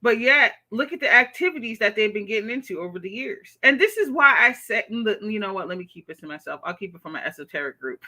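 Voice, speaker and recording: A woman's voice: medium pitch, lively intonation, fast talker, hardly any pauses, sharp tone. An American woman hosting a livestream, reading chat comments and giving blunt, profane commentary, often tagging sentences with "okay?". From United States.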